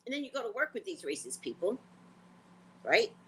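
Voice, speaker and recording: A woman hosting a casual livestream, talking to her viewers in a blunt, profane, animated way. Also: medium pitch, fairly quick, a little hiss or hum, low-quality recording. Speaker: psychic reader and livestream host.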